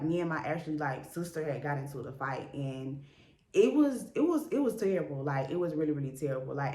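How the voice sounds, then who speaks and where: A young woman telling her story to her viewers in an earnest, chatty way, full of "like" and "y'all". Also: low voice. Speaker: vlogger. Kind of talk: casual candid storytelling to camera. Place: indoor room in a city. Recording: echoey room.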